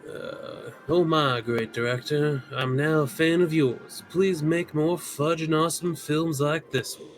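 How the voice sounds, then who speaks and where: A man's voice: fairly high pitch, fairly even intonation, a little slow, soft background music, rough recording. A man co-streaming a game, reading character lines and hamming up a put-on Southern accent. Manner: playful, drawls in a put-on Southern voice.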